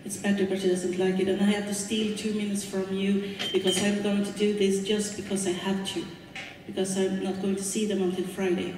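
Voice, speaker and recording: A woman with a Swedish accent, a native Swedish speaker, giving a conference lecture in an earnest manner, often pausing to search for words. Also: mid-range voice, little pitch movement, noisy background. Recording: echoey hall from far off.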